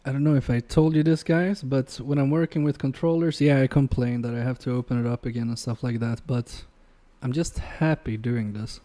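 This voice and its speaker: A man's voice: medium pitch, steady tone, a little fast, few pauses, mellow. A man chatting casually with his live-stream chat while repairing electronics, joking, swearing and laughing often. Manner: laughs often between remarks.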